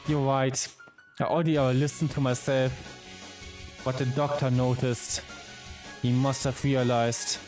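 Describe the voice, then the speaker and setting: Man, streamer, reads game lines aloud, unhurried, asides, faint background music. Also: mid-range voice, flat delivery, a little mellow. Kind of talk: reading a visual novel aloud.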